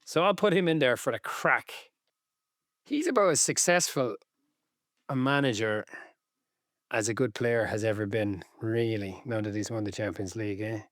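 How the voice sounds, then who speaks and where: A man's voice: on the low side, normal speed, long pauses, fairly bright tone, no echo. Laid-back man teasing in a dry room. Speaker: podcast co-host. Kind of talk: casual football chat.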